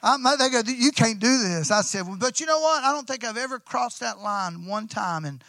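A male pastor with a drawl tells a story from the pulpit, his voice high and bright. He talks in folksy, excitable bursts, repeating himself and restarting his sentences. The sound is dry and close, with no room around it. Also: brisk, creaky, no echo. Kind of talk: sermon storytelling.

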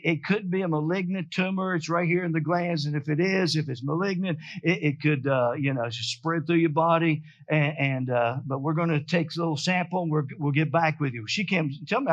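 Brief: older male pastor preaching, higher voice, dry lo-fi recording. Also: fairly quick, hardly any pauses. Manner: storytelling, punctuated with hallelujahs and amens. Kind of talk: sermon. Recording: dry, dull lo-fi sound.

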